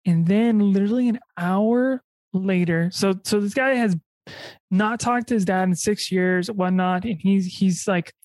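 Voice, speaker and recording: A young woman hosting a podcast in a casual chat, rambling and halting with many fillers and restarts. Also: mid-range voice, darkish tone, dry recording. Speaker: podcast host.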